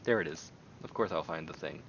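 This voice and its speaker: A man streaming casual commentary while browsing online, rambling excitably and swinging between mumbles and loud bursts. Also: extremely low pitch, brisk, dull audio, a little hiss or hum. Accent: American. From American.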